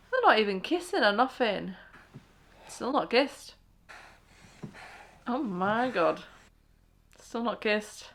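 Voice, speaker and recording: A woman's voice: fairly high pitch, big pitch swings, slow, pauses often, a bit bright. A woman hosting a reaction video, exclaiming, gasping and laughing as she comments casually.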